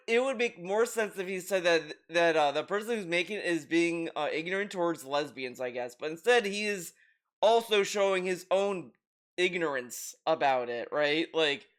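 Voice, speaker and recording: A man's voice: high-pitched, a bit bright. A man doing reaction commentary over a video, ranting in an exasperated way, restarting his sentences and swearing often. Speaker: commentary youtuber.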